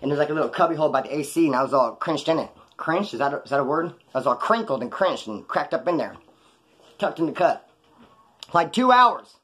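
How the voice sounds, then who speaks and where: Fast-talking slangy man. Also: a little high, expressive, a bit bright. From California, USA. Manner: rambling, slangy, acts out quoted voices. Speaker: storyteller recounting his past. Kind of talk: casual storytelling on a live stream.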